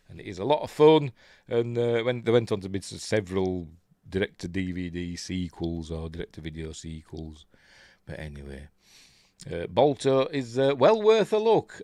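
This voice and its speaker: Reading out comments from his viewers, an older Yorkshire-accented man chats casually and chuckles on a rambling live stream. His low voice is a little mellow, captured dry with clean studio sound.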